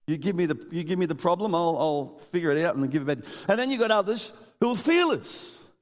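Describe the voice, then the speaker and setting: A man preaching a sermon, his fairly high voice carrying a long reverb through a large hall. He is animated, acting out the people in his stories and laughing often as he speaks to the congregation. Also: a little fast. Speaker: pastor. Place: church hall.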